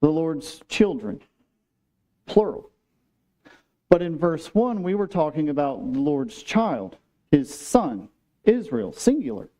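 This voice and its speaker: A man preaching a sermon in a church, casual and joking, acting out quotes with lively turns. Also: on the high side, slow pace, pauses often. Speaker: pastor. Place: church sanctuary.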